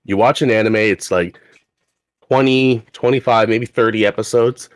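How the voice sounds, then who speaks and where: Young canadian guy on a podcast, lowish voice, dry close mic, rambles and laughs a lot. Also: fairly even intonation, moderate pace, smooth, no room sound. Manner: rambling, laughs often, reads chat aloud. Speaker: podcast co-host. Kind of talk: casual podcast chat.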